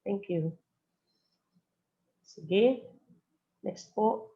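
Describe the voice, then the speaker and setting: A woman's voice: medium pitch, extremely slow, mellow, muffled recording. A woman trainer from the Philippines, giving a webinar lecture and often checking in with "okay?" while switching between English and Bicol. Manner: mixes English with local Bicol phrases, frequent "okay?" checks. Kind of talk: webinar lecture on phone and letter etiquette.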